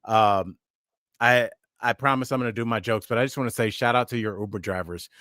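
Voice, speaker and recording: A man's voice: on the low side, brisk, fairly bright tone, no echo, clean studio sound. A man co-hosting a news and comedy podcast, talking casually with frequent fillers and restarts. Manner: conversational, many fillers and restarts. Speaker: podcast co-host.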